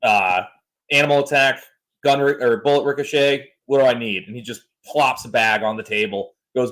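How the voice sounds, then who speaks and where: A man in his thirties hosts a casual podcast and tells stories with animated, joking energy. His voice sits in a middle pitch. He swears freely and easily. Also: moderate pace, rough recording. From United States. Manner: animated storyteller, jokey and profane. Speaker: podcast host. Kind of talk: casual chat.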